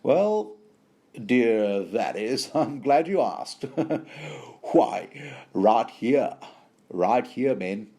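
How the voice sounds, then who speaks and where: A man's voice: medium pitch, very animated, very slow, mellow, full character voice. A man doing a teasing, mock-grand schemer.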